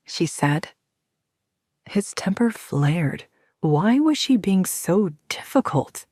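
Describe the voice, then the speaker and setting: Low-voiced woman narrating a story. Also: animated, slow pace, a little mellow, dry recording, studio quality. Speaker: audiobook narrator. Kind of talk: scripted narration.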